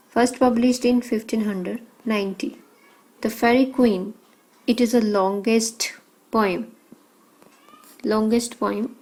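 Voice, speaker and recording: A woman teacher working through exam questions, reading out options and answers in short measured phrases. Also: a little high, darkish tone, poor audio.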